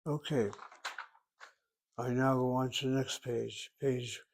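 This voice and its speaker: A man's voice: medium pitch, steady tone, slow, slight background noise. A man teaching a recorded language lesson, working through each word aloud, step by step and methodically. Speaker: Hebrew teacher.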